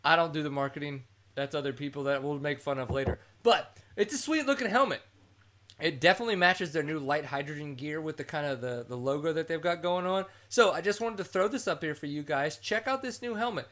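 Male host, casual podcast chat, joking and crude, bright tone. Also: a little high, brisk. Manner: brash, joking, crude humor.

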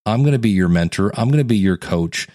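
Male podcast coach, lower voice, dry close mic, lively and conversational, acts out quotes. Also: quick pace, no room sound. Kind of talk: solo educational podcast monologue.

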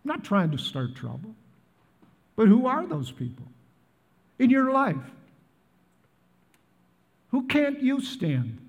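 A man's voice: sits high, long reverb tail. A man in his seventies from the Midwest, preaching a sermon to a large church and asking the crowd questions again and again. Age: 70s. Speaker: pastor. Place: large church in northern Colorado.

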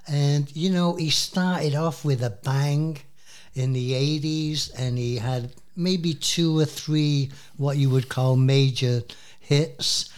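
A man's voice: a little high, fairly even intonation, slow, clean tone. A man co-hosting a casual music chat show, rambling with plenty of fillers and restarts. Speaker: radio co-host.

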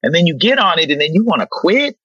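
Woman, podcast guest, husky voice, swoops up and down a lot, profane casual storytelling. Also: on the low side, quick pace, no echo, dull audio. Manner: animated, profane, lots of "you know". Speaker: podcast guest, former reality show contestant.

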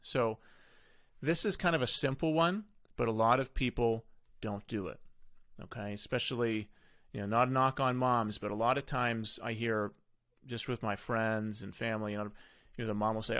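A man's voice: mid-range voice, normal speed, a bit bright, no echo, studio quality. A middle-aged man hosting a podcast, giving casual, rambling parenting advice full of self-corrections. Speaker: podcast host.

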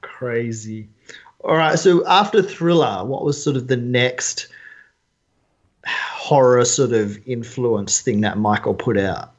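A man's voice: medium pitch, a little slow. A man co-hosting a podcast in casual chat, joking and asking questions. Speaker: podcast co-host. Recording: slightly muffled podcast audio.

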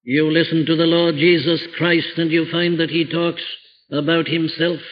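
An older man preaching from the pulpit, his voice pitched high and ringing with emphasis as he quotes scripture in old English. It is a dull, lo-fi archive recording, and a long reverb hangs in the church behind him. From Wales. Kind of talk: sermon.

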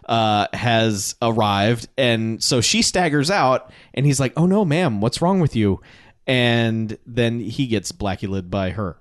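A man's voice: mid-range voice, no echo, studio quality. A man chatting casually about a movie, laughing often and acting out lines from the characters. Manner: lively, laughing, acts out quoted characters. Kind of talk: casual movie recap chat.

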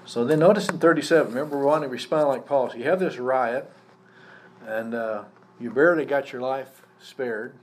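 A man's voice: medium pitch, moderate pace. Male pastor teaching a live sermon. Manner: conversational teaching, poses questions to the congregation. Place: church service. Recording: faint background noise from a live service.

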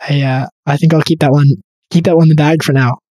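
A man answering interview questions as a podcast guest, relaxed and easygoing. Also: a little high, fast talker, dry recording.

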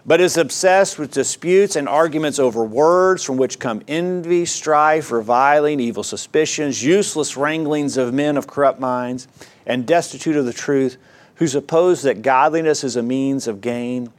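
A man preaches an earnest, exhorting sermon, reading scripture aloud in a measured cadence. He swings widely in pitch and volume, moving between quiet, low passages and loud, rising emphasis.

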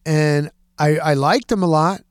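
A man hosting a podcast, telling sports-reporting stories in a casual, animated way and acting out the dialogue. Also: on the high side, a little slow, clean tone, no room sound, clean studio sound. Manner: animated, acts out quoted dialogue. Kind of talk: casual storytelling.

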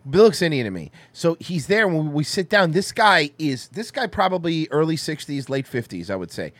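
A man's voice: fairly high pitch, moderate pace, hardly any pauses. A male podcast co-host tells a crude travel story, his voice climbing and dropping a lot as he acts out the people in it. The sound is dry and close, with no room echo. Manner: crude, animated storytelling with acted-out quotes. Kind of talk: casual storytelling chat.

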